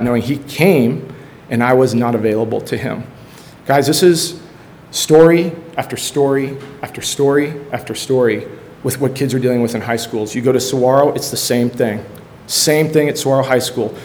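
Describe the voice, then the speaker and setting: A middle-aged man, a high school football coach, giving an earnest storytelling testimony in church, acting out quotes with bursts of energy. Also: darkish tone, a little hiss or hum.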